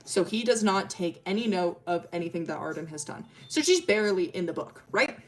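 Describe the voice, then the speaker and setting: A woman's voice: fairly low pitch, brisk, faint music behind. A young woman streamer casually telling a story, rambling with lots of fillers, swearing and laughing often. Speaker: streamer telling character lore.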